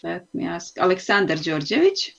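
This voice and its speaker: A woman's voice: lowish voice, very animated, normal speed, creaky, dull audio, slight background noise. A woman teacher, patiently explaining English spelling rules in an online lesson and calling on students. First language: Serbian.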